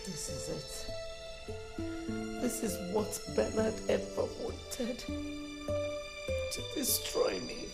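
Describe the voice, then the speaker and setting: A grieving middle-aged Nigerian mother, crying,. Her gravelly voice leaps all over in pitch and drags slowly as she pleads. Film music plays clearly behind her. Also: full character voice. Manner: sobbing, pleading, repeating herself. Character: grieving mother who lost her firstborn son.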